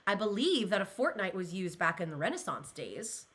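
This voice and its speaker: A young woman chats casually to her viewers in a bright, ringing voice. She rambles and gushes, her pitch leaping around as she gets emotional. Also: big pitch swings, moderate pace. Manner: gushing, rambling, many "like"s, emotional. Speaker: pop culture vlogger. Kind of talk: casual chat, reacting to comments.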